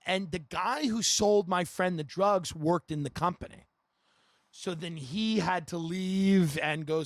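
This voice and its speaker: A man hosting a podcast, telling comedic stories in an animated, rambling way and laughing between lines. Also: sits high, no room sound. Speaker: podcast host. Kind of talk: comedic storytelling.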